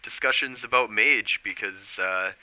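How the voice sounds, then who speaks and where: A man hosting a casual podcast, rambling with many ums and uhs as he gives shout-outs. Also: on the low side, unhurried, dull audio. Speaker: podcast host.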